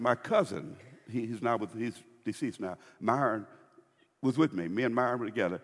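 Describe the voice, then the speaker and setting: A man preaching a sermon as pastor, swinging between loud and hushed with dramatic pauses. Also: medium pitch, slightly rough, big-room sound.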